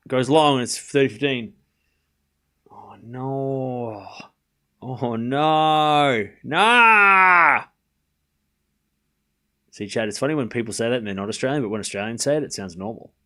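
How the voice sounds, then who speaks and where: A man hosting a live tennis watchalong stream, calling points quickly, chatting with viewers and groaning out loud when things go wrong. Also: medium pitch. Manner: excitable, groans and cries out at points. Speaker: stream host.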